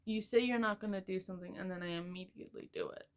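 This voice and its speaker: A woman's voice: medium pitch, fast. A young American woman rambling casually and self-mockingly through a book haul, filling her talk with "like". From United States. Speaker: book vlogger.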